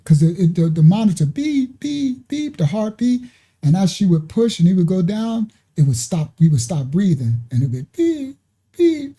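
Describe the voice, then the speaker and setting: A middle-aged man telling a story in an animated, rambling way, laughing and mimicking sounds. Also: high voice, breathy edge. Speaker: ministry speaker. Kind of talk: casual storytelling.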